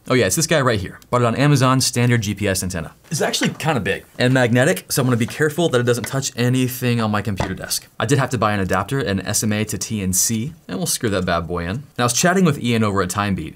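A man hosting a tech video, explaining hardware in an excitable, jokey way that keeps interrupting itself. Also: on the low side, a little hiss or hum. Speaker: tech YouTuber host.

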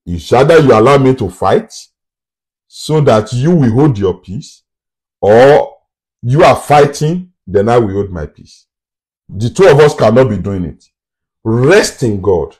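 A man's voice: medium pitch, lively intonation, unhurried, pauses often, darkish tone, breathy edge. A man preaching a sermon, emphatic and fond of repeated rhetorical questions.

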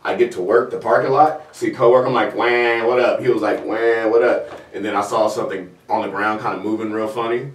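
This comedian host speaks on the low side and a little fast, with a slight hiss or hum in the background. Telling stories on his talk show, he laughs and performs the voices of each character with lively energy. A far-off mic gives the recording a roomy feel.

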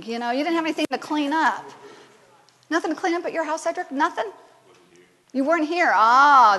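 A woman giving a conversational sermon, telling stories and bantering with the congregation in a church sanctuary. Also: sits high. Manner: lively storytelling, banters with the congregation. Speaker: preacher. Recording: long church hall reverb.

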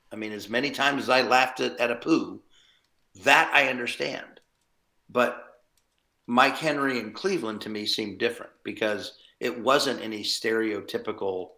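A male voice actor talks in a lowish but bright, forceful voice. He chats in an animated way, tossing in quick asides. The call has a roomy, echoey sound. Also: vocal fry. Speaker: voice actor guest. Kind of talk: casual interview chat. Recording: roomy echo.

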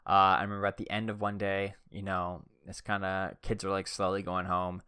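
Speaking at normal speed in a low voice with a completely flat delivery, a young podcast host tells rambling, casual stories stuffed with "like." His tone is bright, forceful, clear, and resonant, on a dry, studio-quality recording.

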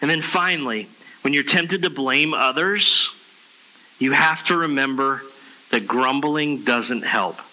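A man preaching a conversational sermon as pastor, telling stories in a casual, animated way with slang. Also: medium pitch, a little slow, poor audio.

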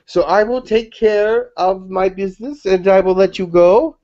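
A man's voice: sits high, a little slow, darkish tone. A man speaking as a channeled otherworldly being, in formal, blessing-like phrasing. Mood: friendly. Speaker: channeled entity. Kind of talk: channeling session. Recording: dull lo-fi webinar audio.

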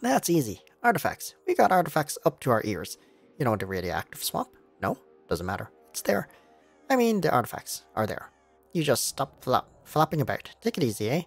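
A man voicing a spaced-out, rambling male camp cook who drawls, dodges questions and keeps urging the listener to sit and smoke, with a husky voice. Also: medium pitch, wildly swooping pitch, normal speed, faint music behind. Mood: coaxing.

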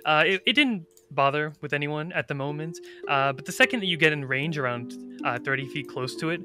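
A man playing a tabletop game, describing his character's actions in halting detail. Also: a little high, pushed and bright, faint music behind. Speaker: player.

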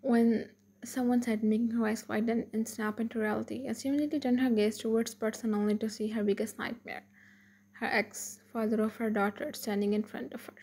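A woman narrating fan fiction aloud in a steady reading voice with frequent slips. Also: a little high, fairly quick, slightly rough.

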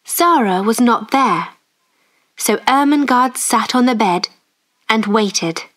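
Lady reading a learner storybook, slow and clear, fairly high voice. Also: expressive, fairly bright tone. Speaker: story narrator. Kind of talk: slow graded-reader narration.

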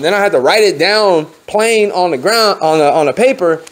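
At a home fellowship gathering, a lay preacher gives a testimony sermon, his voice a little high for a man. He speaks at a normal speed with few pauses, telling the story in a lively, slangy way and acting out each person's lines. A little hiss or hum is present.

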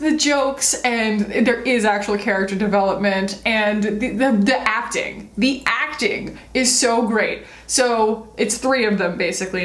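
A woman in her thirties chatting casually about her monthly favorites as a beauty vlogger, rambling and self-deprecating. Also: mid-range voice. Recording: roomy echo.

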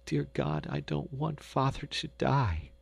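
A man voicing a frightened, tender little peasant girl in an audiobook, speaking softly and anxiously. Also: a little high, fairly even intonation, unhurried, vocal fry, breathy edge, voice pushed up, heavily acted. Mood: fretful. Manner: pleading, soft and anxious. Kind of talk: audiobook character voice.

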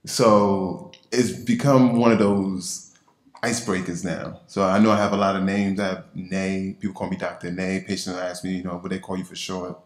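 A man with a Nigerian accent talks on a panel in an echoing hall. His voice sits low. His storytelling is lively and playful, full of rhetorical asides. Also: normal speed. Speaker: orthopaedic surgeon. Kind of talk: panel discussion. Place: symposium lecture hall. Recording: echoey conference hall on a mic.

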